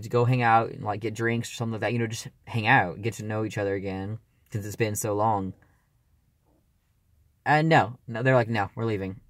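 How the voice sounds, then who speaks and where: A man's voice: on the low side, no echo, studio quality. A man in his early twenties talking casually in a personal vlog, rambling and hesitant with lots of fillers. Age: early 20s. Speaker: vlogger.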